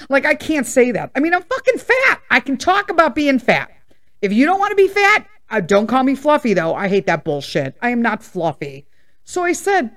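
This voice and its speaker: A woman's voice: fairly high pitch, normal speed. Blunt, swearing woman ranting animatedly. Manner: profane, blunt, animated ranting with acted-out quotes. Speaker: podcast host. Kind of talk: casual personal storytelling.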